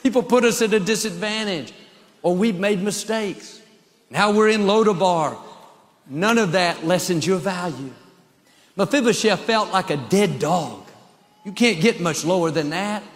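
A man's voice: high voice, a little slow, big-room sound. A male pastor preaching a sermon with an emphatic, repetitive cadence.

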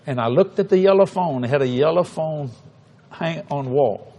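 A preacher telling a story in a sermon, animated and humorous, acting out the dialogue. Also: male voice, fairly high pitch, moderate pace, lo-fi sound.

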